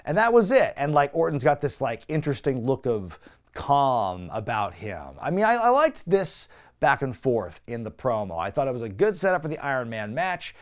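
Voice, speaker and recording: Lively, wry man recapping wrestling. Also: medium pitch, normal speed. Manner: wry, animated storytelling. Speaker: podcast host. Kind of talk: casual recap commentary.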